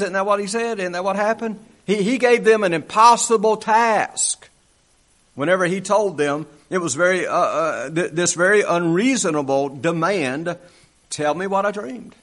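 A man's voice: high voice, a bit bright. A man preaching a conversational sermon, acting out scripture dialogue with frequent restarts. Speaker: pastor.

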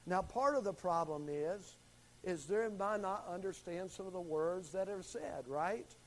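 A man's voice: high voice, measured pace, low-quality recording. A man teaching a Bible study class, calling on students and stressing key words as he explains a verse. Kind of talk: classroom Bible lesson with questions.

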